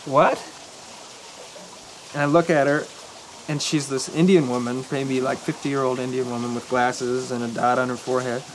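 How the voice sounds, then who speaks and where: A young man in a film telling a rambling anecdote to a friend, halting and correcting himself as he goes. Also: medium pitch, little pitch movement, slight background noise, lightly acted, low-quality recording. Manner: halting, hesitant, self-correcting.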